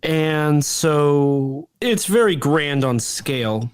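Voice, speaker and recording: A man's voice: fairly high pitch, lively intonation, very slow, smooth, no room sound. Rambling jokey podcast co-host, a man. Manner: rambling, jokey plot recap with laughs. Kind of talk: casual chat.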